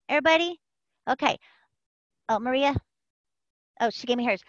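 A woman giving an animated, folksy personal testimony to a support group over an online call, repeating phrases for emphasis. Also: high voice, normal speed, dry recording. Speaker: member sharing at a support group. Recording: dull lo-fi call audio.

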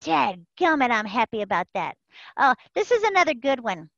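A woman giving an animated, folksy personal testimony to a support group over an online call, repeating phrases for emphasis. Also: a little high, normal speed, dry recording. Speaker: member sharing at a support group. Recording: dull lo-fi call audio.

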